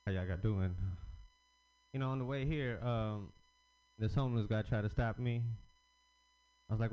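A man's voice: on the low side, steady tone, normal speed, pauses often, clear, resonant tone. Rambling stand-up comic man, lo-fi club. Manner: loose, rambling, self-deprecating delivery. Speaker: stand-up comedian. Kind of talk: stand-up set at open mic. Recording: lo-fi live club recording.

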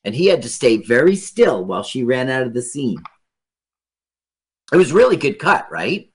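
A man's voice: medium pitch, big pitch swings, moderate pace, husky. A man casually joking with a co-host over an old film, asking questions and putting on silly voices. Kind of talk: casual banter over a movie.

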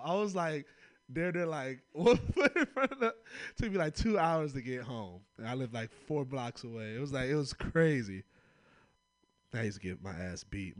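A young man from Oakland tells stories on stage in a loose, rambling way and laughs often. His voice sits at a middle pitch, and the sound is dry and close, with no room echo. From Oakland, California. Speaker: stand-up comedian. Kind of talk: stand-up comedy set.

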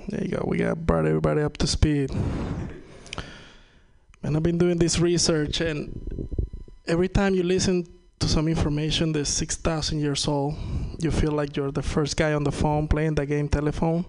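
Stand-up comic, Spanish native, Venezuelan accent, raised gravelly voice, loose and profane. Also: male voice, a little high, lively intonation, normal speed, darkish tone. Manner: loose, profane, laughs at own jokes. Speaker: stand-up comedian. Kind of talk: stand-up comedy set. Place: comedy open mic.

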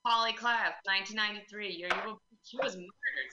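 Deadpan woman doing stand-up. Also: mid-range voice, brisk, hardly any pauses, noisy background. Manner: deadpan with chatty fillers. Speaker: stand-up comedian. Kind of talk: stand-up comedy set. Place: club room with live audience. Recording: echoey room.

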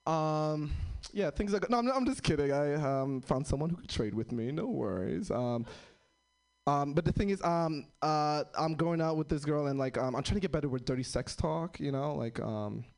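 A man's voice: a little high, normal speed, creaky. A man doing a stand-up comedy set, with a self-described unusual-sounding voice, acting out the people in his stories. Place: live comedy venue with audience.

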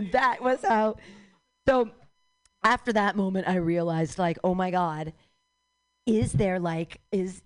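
A woman in her thirties hosting a live radio show, telling a rambling, animated, self-deprecating story. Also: mid-range voice, takes it slowly, long pauses, smooth. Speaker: show host.

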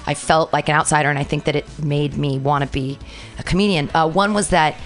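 A woman comedian, a guest on a podcast, talking at length in an effusive, loud, storytelling way. Her voice sits a little low for a woman. Soft music plays faintly behind her. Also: steady tone, a little fast. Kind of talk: casual podcast chat.

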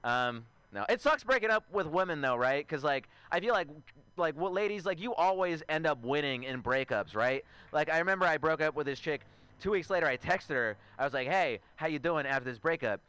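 Bright-voiced young man doing stand-up. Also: on the high side, expressive, a little fast, smooth, no echo. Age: 20s. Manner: chatty, self-mocking, riffing with asides to the crowd. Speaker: stand-up comedian. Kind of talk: stand-up comedy set. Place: outdoor show.

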